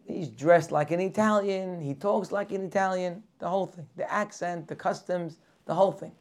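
Animated male rabbi, lecture voice, asks questions, acts out characters. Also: sits high, normal speed. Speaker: rabbi teaching a weekly class. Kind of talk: lively Torah class lecture.

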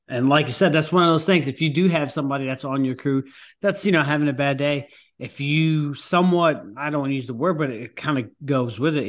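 Mid-pitched male podcast host. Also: fairly bright tone. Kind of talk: casual interview.

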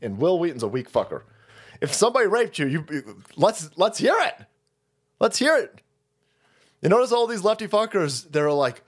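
A man's voice: big pitch swings, unhurried, pauses often. A man hosting a political stream, ranting crudely and mocking people as he goes. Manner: crude, mocking, jumps into high mock voices.

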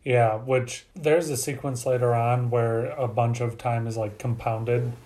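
Man, podcast co-host, rambling analytical chat, casual swearing, warm dark tone. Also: mid-range voice, little pitch movement, unhurried. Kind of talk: casual movie review chat.

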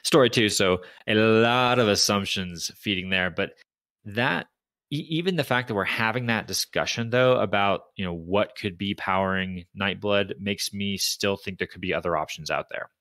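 A man's voice: lowish voice, normal speed, sharp tone, dry recording. A man co-hosting a podcast, talking through ideas in a thoughtful, hesitant way with frequent restarts. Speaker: podcast co-host. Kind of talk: casual book discussion.

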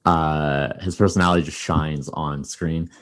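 Deep-voiced man rambling casually. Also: steady tone, measured pace. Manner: rambling, many fillers and restarts. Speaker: podcast host. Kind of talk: casual chat.

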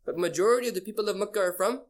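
Guy teaching a class, fast and highish, keeps asking the room stuff and repeating himself for emphasis. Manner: quizzes listeners, repeats phrases for emphasis. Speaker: Islamic teacher. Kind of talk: casual classroom lesson.

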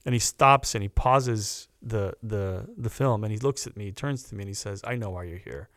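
A man, a podcast guest, telling a personal story in an earnest, animated way and acting out the people he quotes. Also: on the low side, normal speed, no echo, clean studio sound.

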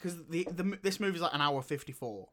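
A man's voice: a little high, lively intonation, fairly quick. A young man co-hosting a casual film review chat, blunt and slangy in his opinions. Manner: blunt, slangy, says "bro". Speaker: podcast co-host.

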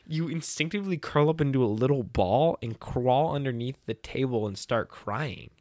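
Animated young man telling stories. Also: mid-range voice, normal speed, no echo, studio quality. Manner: animated storyteller, laughs often, acts out voices. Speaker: podcast co-host. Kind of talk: casual chat.

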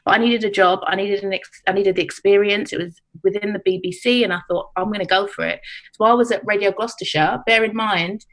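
A woman's voice: mid-range voice, fairly even intonation, fairly quick, a bit bright, rough recording. A woman from England, a radio producer who chats as a podcast guest and repeats her key points with emphasis. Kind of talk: casual chat.

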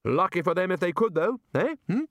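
A man's voice: high voice, big pitch swings, a little fast, fairly bright tone, dry recording, clean studio sound, voice pushed up, heavily acted. A man voicing a blustering, bossy male wizard chief who fires off hectoring questions.

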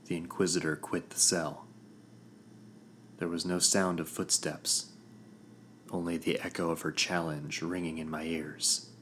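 A man narrating a fantasy story in the first person, with a measured, grave storytelling manner. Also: deep voice, fairly bright tone, a little hiss or hum. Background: background music.

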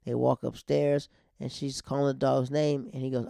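A man casually telling a long story, animated, with frequent restarts and acted-out quotes. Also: medium pitch, moderate pace, creaky, no echo, studio quality. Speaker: storyteller guest.

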